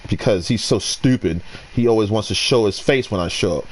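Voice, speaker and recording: A man ranting while commentating his gameplay, restarting sentences and swinging between loud outbursts and low muttering. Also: brisk. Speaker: gamer.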